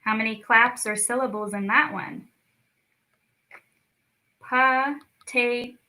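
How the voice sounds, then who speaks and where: A young woman leading a children's lesson, stretching words out slowly and cheering the kids on. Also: fairly high pitch, fairly even intonation, pushed and bright, low-quality recording. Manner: slow, drawn-out words for children, encouraging. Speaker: speech clinic storytime teacher. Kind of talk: children's lesson, clapping out syllables.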